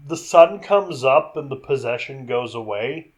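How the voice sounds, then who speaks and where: A man co-hosting a casual movie podcast, talking in an animated, loose way. He swears freely and acts out scenes as he goes. His voice sits at an ordinary pitch. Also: a little slow. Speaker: podcast co-host. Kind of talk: casual movie-recap chat.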